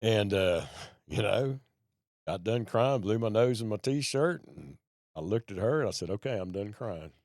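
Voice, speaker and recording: A man's voice: lowish voice, animated, unhurried, a little mellow, dry recording, studio quality. A man, a podcast guest telling a personal story in a folksy, plain-spoken way.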